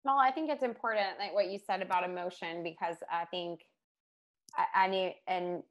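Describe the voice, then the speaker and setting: A married woman in casual conversation, telling a personal story in a lively, emotional way and laughing often. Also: lowish voice, normal speed, muffled recording. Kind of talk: casual chat.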